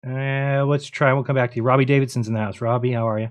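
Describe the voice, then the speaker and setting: A man's voice: mid-range voice, fairly even intonation, fast. A man hosting a memorial livestream, speaking in a subdued, hesitant way while sorting out guests and tech. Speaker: show host.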